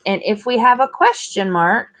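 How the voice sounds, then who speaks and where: A woman teacher leading an online reading lesson for young children, sounding out letters clearly and praising her readers. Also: a little high, normal speed, noisy background. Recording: dull lo-fi recording.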